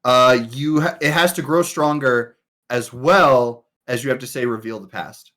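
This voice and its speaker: A man with a mid-range, fairly bright voice serves as game master for a tabletop game. He narrates haltingly, filling the gaps with lots of fillers.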